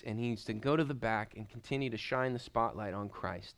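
A man preaching a sermon as a pastor, building to slow, emphatic stresses and then dropping back to a soft, quiet delivery. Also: medium pitch, vocal fry.

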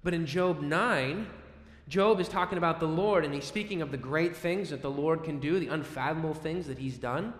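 A male preacher delivers a storytelling sermon, acting out scenes with bursts of volume and quiet dips. His voice sits a bit high for a man. The recording carries a long, roomy echo from a large hall. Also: normal speed. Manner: dramatic storytelling with sudden loud and soft swings. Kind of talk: expository sermon. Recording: echoey hall with long reverb.

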